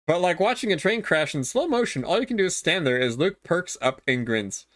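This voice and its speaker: A man's voice: on the high side, expressive, fairly quick, fairly bright tone, dry recording, studio quality. A man streaming himself reading a visual novel aloud, chatty, swearing casually and reacting to the story.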